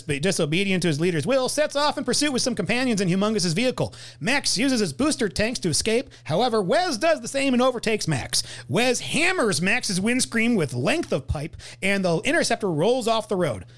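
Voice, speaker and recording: High-pitched guy recapping a movie on a podcast, lots of ups and downs. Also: normal speed, hardly any pauses. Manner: animated, laughs often, reads recap. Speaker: podcast host. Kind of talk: casual chat and plot recap.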